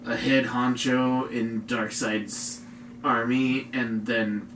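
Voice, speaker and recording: Slow, laid-back man in an echoey room. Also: medium pitch, level tone, a bit bright. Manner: laid-back, rambling, lots of "like". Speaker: podcast co-host. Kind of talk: casual chat. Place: room in a home. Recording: echoey room, distant mic, faint noise.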